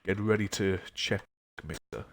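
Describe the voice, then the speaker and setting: Slow, mumbling young male game streamer. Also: on the low side, fairly even intonation. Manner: rambling, mumbling asides to himself. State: unwell. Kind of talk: casual gaming stream commentary.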